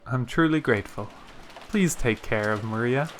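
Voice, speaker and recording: A man plays a weary, stern mother in middle age, speaking low and subdued. The voice keeps a bright edge. The reading sits close to his own voice. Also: moderate pace, slight background noise, natural voice.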